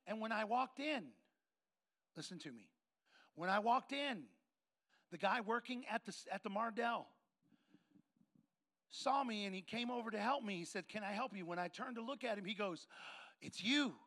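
A man preaches through a personal story. His voice sits high and carries a gravelly edge. He leans into the quoted lines and voices each person in turn. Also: normal speed, pauses often. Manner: animated storyteller acting out dialogue. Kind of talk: sermon storytelling.

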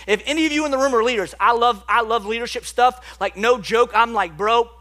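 A young adult male pastor preaching a sermon in a church, conversational and animated, swinging from loud excitement to quiet intensity. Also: extremely high pitch, fairly quick. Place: church sanctuary.

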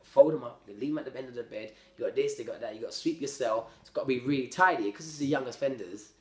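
A man telling his story as a podcast guest in a slangy, rambling, animated way. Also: medium pitch, fast talker. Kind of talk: casual storytelling. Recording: roomy echo.

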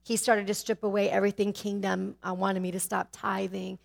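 Gravelly-voiced woman sharing testimony. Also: mid-range voice, normal speed. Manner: candid, animated storytelling with sudden drops to a hushed tone. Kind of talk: personal testimony talk.

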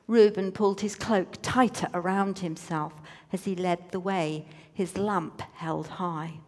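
A woman's voice: on the low side, fairly even intonation, measured pace, darkish tone. A woman reading a story aloud with playful, teasing asides, in a room with a long reverb.

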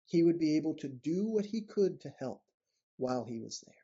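A man's voice: on the high side, very animated, moderate pace, warm tone, slightly rough. A man giving an earnest, conversational reflection on scripture, like a short sermon. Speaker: preacher. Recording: dull lo-fi recording.

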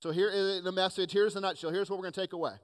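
A man delivers a sermon in a slightly raised voice. He moves from loud, emphatic points down to quiet, earnest asides as he preaches. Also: high voice, flat delivery, very fast. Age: adult, has children. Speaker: pastor.

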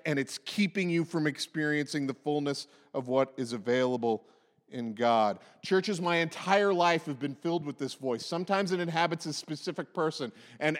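A man's voice: a little high, a bit bright, long reverb tail. A man in his forties preaching a sermon, impassioned and emphatic, hammering repeated phrases. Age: 40s. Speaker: pastor.

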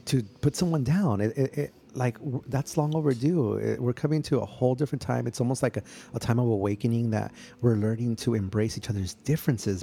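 A man's voice: mid-range voice, a little fast, vocal fry, few pauses, warm tone. A man co-hosting a podcast in casual chat, speaking earnestly and often repeating words as he starts a thought. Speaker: podcast co-host.

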